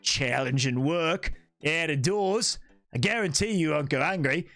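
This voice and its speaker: A man doing an impression of a gruff, laconic middle-aged sniper from a video game, with a put-on Australian accent and a slow, matter-of-fact drawl. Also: a little high, a bit bright, pitched below the performer's own voice.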